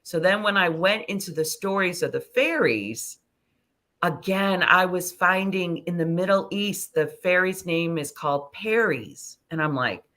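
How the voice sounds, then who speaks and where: A middle-aged woman speaks as a guest in a casual interview, her voice bright and sharp. She tells her stories slowly and animatedly, dropping the odd swear word and playing out what others said. Her voice sits a little low for a woman. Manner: animated, swears freely, acts out dialogue. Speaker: guest, ascension teacher and hypnosis practitioner.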